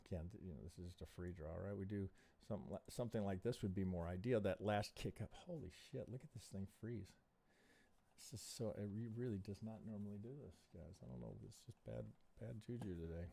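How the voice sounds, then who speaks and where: In a fairly low, warm voice with vocal fry, a trading analyst talks fast while hosting a live chart review. He thinks out loud with rhetorical questions, muttering and cursing under his breath in frustration.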